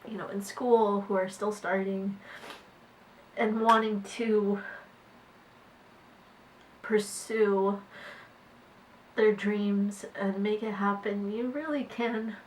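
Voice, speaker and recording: A woman managing artists, talking haltingly to her camera in a casual vlog with many fillers and restarts. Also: medium pitch, flat delivery, slight background noise, poor audio. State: tearful, voice catching.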